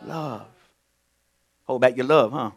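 A male pastor teaching a sermon in an animated way, dropping to quiet asides and then rising to loud, emphatic bursts. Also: medium pitch, slow pace.

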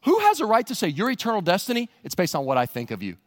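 A male pastor preaching a sermon in a church, animated and rising to near-shouts for emphasis. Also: high voice, fast, long reverb tail. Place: church sanctuary.

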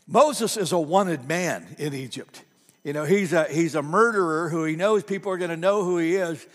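A man's voice: a little high, normal speed, long reverb tail. A man pastor preaching a sermon in a conversational, storytelling manner, repeating key phrases for emphasis.

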